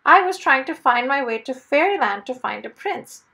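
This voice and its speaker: A woman's voice: sits high, lively intonation, moderate pace, creaky, sharp tone, pitched above the performer's own voice, full character voice. A woman voicing a small, long-nosed pilot who speaks humbly and eagerly. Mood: humble eager.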